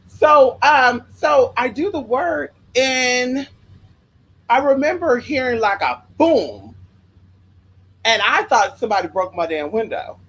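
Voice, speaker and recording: A spiritual worker telling rambling stories to viewers in a sassy, profane, animated way, often drifting into side tangents. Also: slow pace, breathy edge, rough recording. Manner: profane, sassy and animated, with big pitch swings. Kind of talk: casual storytelling to viewers.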